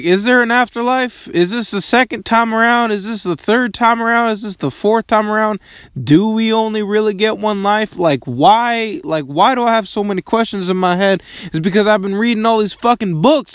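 Rambling young man, high voice. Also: normal speed, fairly bright tone, no room sound, clean studio sound. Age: 20s. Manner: rambling, swearing, full of "like" fillers and questions. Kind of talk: casual rambling monologue.

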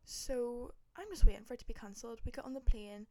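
A young woman tells a wild story in fast, casual chat. She swears freely, piles on fillers and drama, and her voice sits a little high. The recording is close and dry, with no room sound. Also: dark tone, no room sound. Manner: swears a lot, dramatic, lots of likes. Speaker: podcast host.

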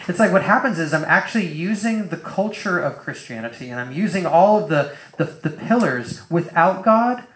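Brief: high-voiced male preacher, casual chatty sermon, roomy hall sound. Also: normal speed, few pauses. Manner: loose, animated, full of fillers and acted-out asides. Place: church hall with a live audience.

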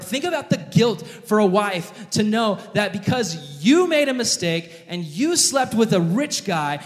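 A man preaching an animated, jokey sermon, addressing his audience directly as he tells a story. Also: high voice. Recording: long hall reverb.

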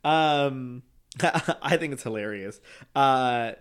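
A man's voice: medium pitch, slow, clear, resonant tone. Man, podcast co-host, casual chat, campy, chatty, filler-heavy.

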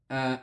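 A comedian hosting a solo podcast, ranting and swearing as he answers listener questions, hot and sweaty in a small room. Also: reverberant. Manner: ranting, sweary, quick swings into shouting. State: overheated and sweating.

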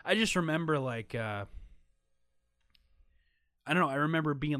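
A man's voice: on the high side, animated, moderate pace, long pauses, bright, forceful tone, smooth, dry recording. Candid, swearing man in dry close audio. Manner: emotional, swears often, trails off with fillers. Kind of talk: casual candid conversation.

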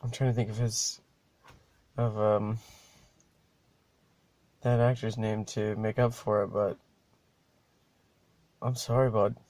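A man's voice: lowish voice, flat delivery, takes it slowly, long pauses, darkish tone. A man hosting his own podcast, talking alone in a loose, profane, stop-start ramble. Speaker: podcast host. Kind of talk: rambling solo podcast chat.

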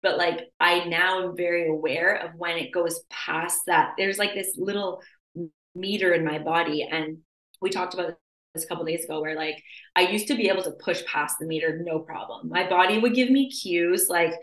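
A young adult woman hosting a podcast in casual chat, animated and constantly saying "like" as she acts out her own inner voice. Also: fairly low pitch, normal speed, roomy sound, poor audio. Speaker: podcast host.

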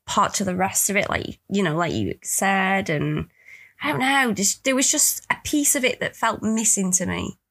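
A British woman chats about films with a bright, tense edge and a husky, breathy grain. Her pitch swings widely and sits a little high for a woman. She teases and laughs often. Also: expressive, moderate pace. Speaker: podcast co-host. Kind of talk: casual film-review chat.

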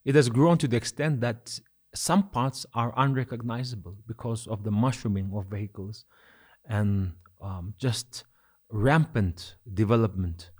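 A middle-aged man from Nagaland, preaching a sermon in emphatic, repetitive phrases that rise and fall in loudness. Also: medium pitch. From Nagaland, India. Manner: emphatic, builds with repeated phrases and swings of loudness.

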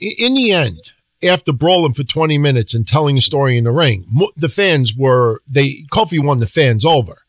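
A man's voice: fairly high pitch, expressive, moderate pace, no room sound. Blunt, opinionated man recapping wrestling. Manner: blunt opinionated talk, swearing, acts out quotes. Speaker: podcast co-host. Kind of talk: casual wrestling recap chat.

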